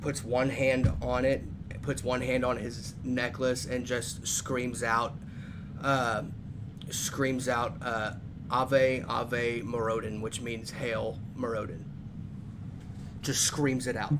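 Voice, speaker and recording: A man's voice: medium pitch, little pitch movement, slow pace. A man playing a tabletop game, describing his character and often hesitating as he searches for words. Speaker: player. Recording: noisy background.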